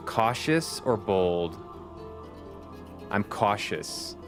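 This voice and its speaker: A man streaming a video game talks extremely slowly in a lowish, expressive voice. He chats casually with his viewers, laughs often and swears now and then, with faint music playing behind him.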